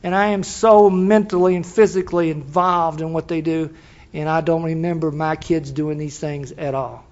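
At a recovery meeting, an older man gives his personal testimony in a folksy, storytelling style, laughing every so often. His voice sits on the high side with a darkish tone, fairly even intonation, and normal speed, captured in a dull lo-fi recording.

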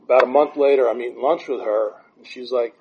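A man's voice: mid-range voice, fairly even intonation, fairly quick, a little hiss or hum. A man giving blunt, profane recovery advice and telling stories from his own life. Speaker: recovery speaker. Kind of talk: candid advice talk. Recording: dull lo-fi sound.

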